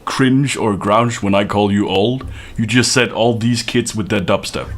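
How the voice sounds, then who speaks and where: A man casting an esports match chats in easy, jokey banter and laughs often. His voice sits fairly low. He speaks through a headset mic. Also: a little slow, background noise. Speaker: esports caster. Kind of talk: casual chat between matches.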